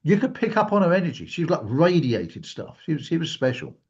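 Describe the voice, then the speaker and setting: A man with a husky, somewhat high voice tells a personal story, his pitch swinging widely as he acts out scenes. The recording is dull and lo-fi. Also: a little fast. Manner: animated, acts out quotes in a raised voice. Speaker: guest speaker. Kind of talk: storytelling in a talk.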